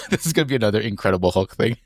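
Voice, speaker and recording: Man, very low voice, casual podcast co-host reading quiz questions, dry sound. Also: lively intonation, quick pace, no echo.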